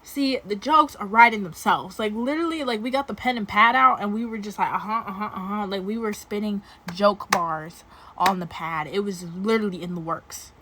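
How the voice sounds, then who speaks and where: A woman's voice: medium pitch, normal speed, pushed and bright, slight background noise. Chatty young woman telling a storytime. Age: young adult. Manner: chatty, full of "like", dramatic asides. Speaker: storytime vlogger. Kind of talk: casual storytelling. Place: dorm room.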